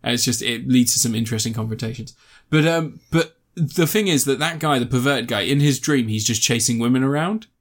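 A man's voice: mid-range voice, a little fast, hardly any pauses. A young man chatting casually about a film he watched, rambling and sweary, often laughing and restarting his sentences. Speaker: film reviewer. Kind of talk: casual chat.

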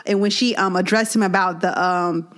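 A woman co-hosting a casual politics podcast, animated, opinionated and playful. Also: on the low side, moderate pace. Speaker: podcast co-host. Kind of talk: casual chat about politics.

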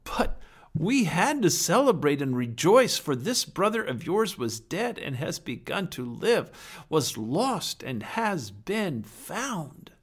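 A man delivering a sermon with earnest conviction, his voice sitting a little higher than most men's. He leans hard on key phrases and lets dramatic pauses hang before dropping to a hush. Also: sing-song, husky. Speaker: pastor.

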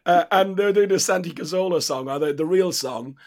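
A man's voice: high-pitched, a little fast, vocal fry, darkish tone. A man with an Irish accent hosting a football podcast, chatty and full of laughter. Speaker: podcast host. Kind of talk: casual football chat.

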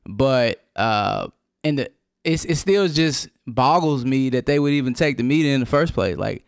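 Animated, blunt man with an expressive voice. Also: medium pitch, normal speed, gravelly, clean tone, no room sound, clean studio sound. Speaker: podcast co-host. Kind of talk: casual chat. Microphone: studio mic.

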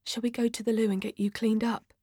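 A kind, worried young woman who speaks gently and softly, as a woman reader puts her on. The recording is close and dry, with no room sound. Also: on the high side, level tone, fast, husky, dry recording. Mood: concerned. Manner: gentle and soft-spoken.

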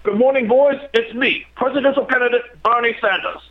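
A man's voice: extremely high pitch, steady tone, brisk. A man on a call-in line doing a jokey impression of an old male politician, with a folksy speech cadence and an old-time radio filter. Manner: folksy campaign-speech cadence, repeats itself. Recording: tinny phone line with faint noise.

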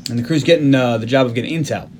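A man's voice: mid-range voice, rapid-fire, slight background noise. A man co-hosting a casual movie podcast, retelling scenes and acting out characters' lines with lots of laughter. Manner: animated, acts out quotes from scenes. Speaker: podcast co-host. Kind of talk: casual chat recapping a movie.

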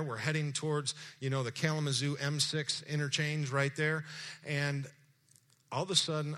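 A middle-aged man, a pastor preaching a sermon as a lively story, acting out dialogue and asking the congregation questions. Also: mid-range voice.

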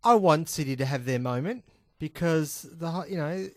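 A low-key man teases callers from a radio panel. His voice sits slightly high, and the sound is dry and close. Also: animated, normal speed, dry recording. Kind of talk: sports radio banter. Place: radio studio.

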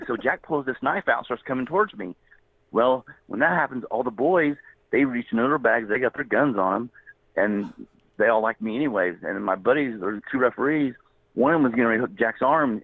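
Gravelly man on a tinny phone line. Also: medium pitch, animated, no room sound. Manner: rambling, laughing, quick quoted voices. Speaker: guest, storyteller. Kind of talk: casual storytelling.

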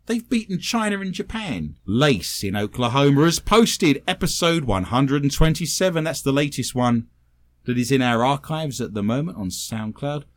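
Male podcast host, wry and teasing, lively pitch, reads listener mail for laughs. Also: normal speed. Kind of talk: comedic podcast chat, reading listener messages.

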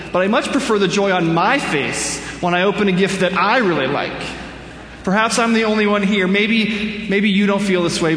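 A man with a high, light voice delivers a sermon in a relaxed, conversational way, teasing himself with dry humor. His words ring out through a large church with a long, roomy reverb trailing behind every phrase. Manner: conversational, self-deprecating humor. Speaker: pastor. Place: church sanctuary. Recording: echoey hall with long reverb.

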